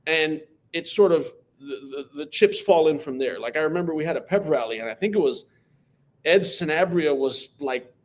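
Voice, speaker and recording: A man, a math teacher telling school anecdotes as an interview guest in an animated, lively way. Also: a little high, moderate pace. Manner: animated, lively storyteller who acts out voices.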